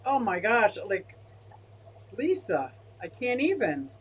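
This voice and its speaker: A woman hosting a casual fish-keeping livestream, talking in an excitable, gushing way as she reads chat aloud. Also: medium pitch, takes it slowly, slight background noise, poor audio. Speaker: aquarium fish-keeping streamer.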